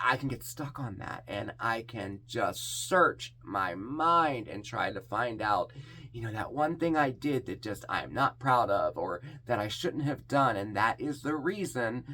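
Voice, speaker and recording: A man with a hoarse, scratchy voice hosts his own casual vlog. His speech is candid and halting, full of restarts. The tone sits low and gravelly but moves widely up and down. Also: sharp tone. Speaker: vlog host. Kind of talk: casual personal vlog talk.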